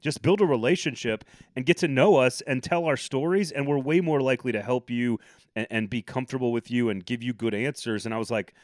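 A man's voice: mid-range voice, fairly quick, no room sound, studio quality. A man hosting a sports podcast, chatting casually with opinionated, joking asides. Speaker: podcast host.

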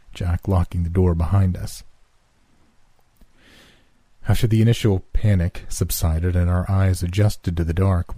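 A deep-voiced man reads a horror story in a measured, hushed way. His tone is dark and mellow. The sound is close and dry with no room around it. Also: dry recording. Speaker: narrator. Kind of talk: scripted horror story narration.

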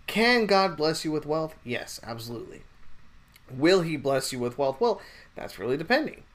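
A man's voice: a little high, very animated, normal speed, fairly bright tone. A man hosting a podcast, talking about faith in a rambling, indignant way with many restarts. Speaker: podcast host.

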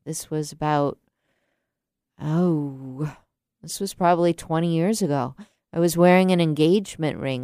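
A woman in her late fifties, a teacher, telling a reflective personal story in a soft, unhurried way. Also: deep voice, clean tone, no echo, clean studio sound. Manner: slow, soft-spoken and unhurried.

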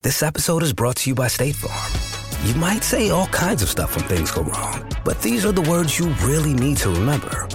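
A man reads a scripted ad with lively intonation. His delivery is smooth and measured, and clear background music plays behind him. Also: on the high side. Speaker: ad announcer. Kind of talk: scripted ad read.

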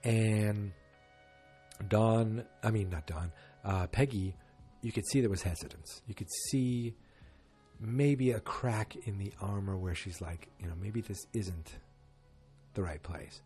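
A man's voice: fairly low pitch, measured pace, warm tone, soft background music. A man casually recapping a TV episode, rambling and correcting himself as he goes. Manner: rambling, self-correcting, many fillers.

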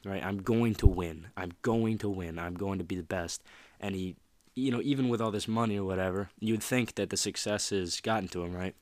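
A man's voice: low-pitched, dry recording. A man hosting a motivational podcast, talking casually and rambling, addressing the listener directly. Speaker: podcast host.

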